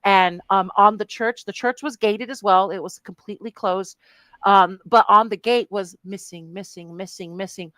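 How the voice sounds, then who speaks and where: A woman's voice: mid-range voice, moderate pace, fairly bright tone, no echo. A woman co-hosting a podcast in casual chat, frank and swearing, laughing easily. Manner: frank, swears, laughs often, reflective when recounting. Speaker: podcast co-host.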